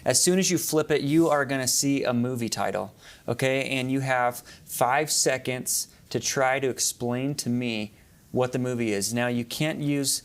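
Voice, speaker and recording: A man's voice: medium pitch, moderate pace, clean tone. A man hosting a casual talk show interview, upbeat and chatty, laughing along with his guest.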